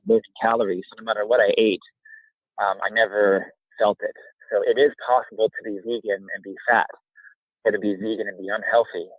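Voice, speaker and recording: A man in his thirties rambles eagerly through a casual interview while sitting outside by a campfire in the freezing cold, his voice a bit shaky from the chill. His voice is on the low side and sounds husky. The whole thing comes through a thin, tinny, phone-like line. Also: no echo. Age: 30s. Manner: rambling, energetic, with fillers. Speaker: guest. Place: outdoors by a campfire in freezing weather.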